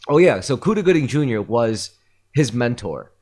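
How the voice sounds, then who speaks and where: A man's voice: medium pitch, very animated, moderate pace, darkish tone. A man hosting a podcast, retelling a story in a rambling casual way with lots of fillers and swearing. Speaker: podcast host. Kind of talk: casual chat.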